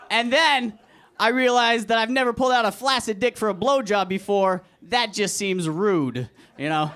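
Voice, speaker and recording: A young man doing a crude, deadpan, self-deprecating stand-up comedy set at an open mic in a comedy club. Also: high-pitched, clean tone. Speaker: stand-up comic. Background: audience laughter.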